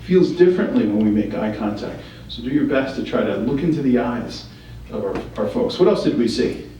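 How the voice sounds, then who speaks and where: A man's voice: mid-range voice, lively intonation, a little fast, warm tone, a little hiss or hum. A man leading a training session, asking the group questions and giving feedback. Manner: coaching, asks the group questions. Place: training room. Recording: echoey room from far off.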